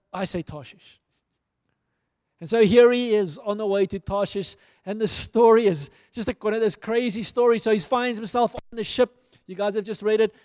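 A man with a high voice preaches in a relaxed, storytelling way, slipping into the voices of the people in the story. The voice sits close and dry on the mic. A long hall reverb trails behind every phrase. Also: smooth. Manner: casual storytelling, acting out dialogue. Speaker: pastor. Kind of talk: sermon.

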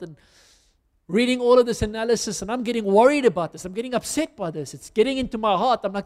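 A man's voice: high voice, quick pace, a little mellow. A man with a South African accent preaching a conversational, storytelling sermon with self-deprecating asides. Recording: reverberant hall.

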